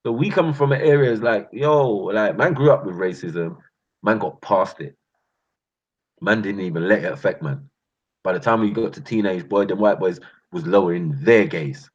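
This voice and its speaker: Street stories come from a North London channel host with a London accent, told as a casual, animated monologue full of laughter and slang. He speaks at a moderate pace in a lowish, husky voice, and the recording is dull and lo-fi.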